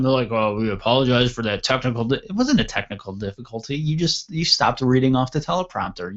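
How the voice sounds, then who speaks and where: A man's voice: medium pitch, muffled recording. A man hosting a radio talk show, telling a long anecdote in a blunt, rambling, casually profane way. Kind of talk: casual storytelling chat.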